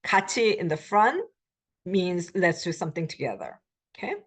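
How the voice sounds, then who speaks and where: A woman with a slightly low voice gives a recorded beginner language lecture. She explains grammar step by step in a relaxed way, pausing on fillers and modeling short example phrases aloud. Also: slightly rough. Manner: relaxed, with frequent filler pauses. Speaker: Korean language instructor.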